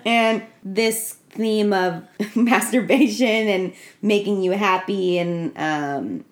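Woman, casual podcast, animated storyteller, film recap. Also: mid-range voice, takes it slowly. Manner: animated storytelling, acting out quotes.

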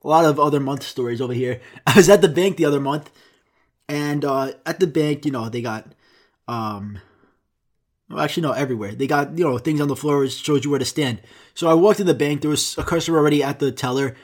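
A young American man talks straight to his viewers in a loose, rambling monologue. He swears freely and jokes at his own expense. His voice sits a little higher than most men's. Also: brisk. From United States. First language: Greek. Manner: rambling, profane, self-mocking. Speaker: vlogger. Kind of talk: casual storytelling monologue.

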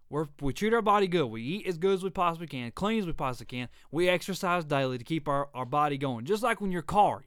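A middle-aged man rants through his faith podcast with an emphatic, preachy push, hammering the same points again and again. His voice sits high and comes out smooth and clear. The sound is dry and close, with no room around it. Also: a bit bright, no room sound. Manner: preachy, emphatic, repeats himself. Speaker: podcast host. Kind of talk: ranting faith podcast monologue.

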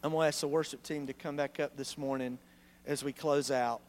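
A male pastor speaks briskly at medium pitch while preaching in church, his delivery animated and conversational with plenty of rhetorical questions.

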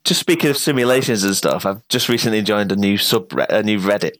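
A man in casual chat, rambling and halting with frequent laughs. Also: on the low side, a bit bright. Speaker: podcast co-host.

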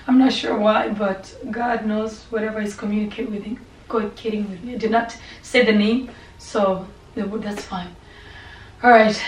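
A woman pastor preaching and praying, impassioned and repetitive, sometimes falling to a soft whisper. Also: medium pitch, steady tone, moderate pace. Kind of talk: sermon and prayer. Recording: echoey room, voice from a distance, faint background hum.

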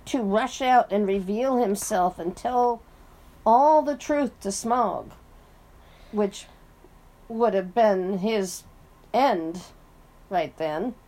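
A woman co-hosting a casual book discussion, thinking aloud with pauses and fillers. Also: mid-range voice, dark tone.

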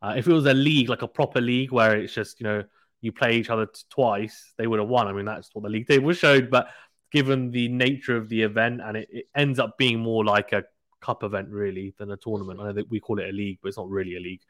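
A man's voice: lowish voice, steady tone, fast talker, fairly bright tone, dry recording, studio quality. A man hosting a casual cricket podcast, chatty and teasing, laughing often. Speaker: podcast host.

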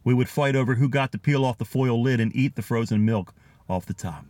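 A middle-aged podcast host with a Philadelphia accent, sharing old neighborhood memories in an easy, chatty way. He chuckles often and reads listener notes aloud. His voice sits at an ordinary pitch and is recorded close and dry. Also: fairly quick, darkish tone, no room sound. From Philadelphia area, USA. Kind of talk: casual storytelling, reading out listener comments.

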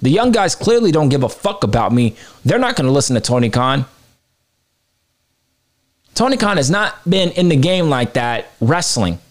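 A man hosting a wrestling podcast, delivering a heated, profane opinion rant that swings between low mutters and high outbursts. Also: sing-song, normal speed. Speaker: podcast host.

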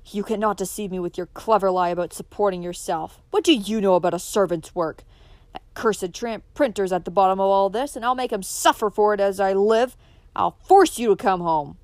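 A woman's voice: on the low side, a little fast, few pauses, a little mellow, no room sound, close to an everyday voice. Woman reading a haughty, harsh old father, dry close sound, storybook reading. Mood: furious. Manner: cold, then storming in rage. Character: proud, domineering older father.

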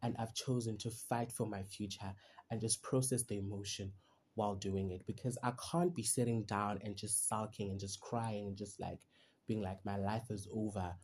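A man's voice: fairly low pitch, fairly even intonation, normal speed, darkish tone, a little hiss or hum. A young man, hosting a solo podcast in a chatty, heartfelt way and rambling with lots of "you know" and "like". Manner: rambling, disconnected thoughts. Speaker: podcast host. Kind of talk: casual solo podcast monologue.

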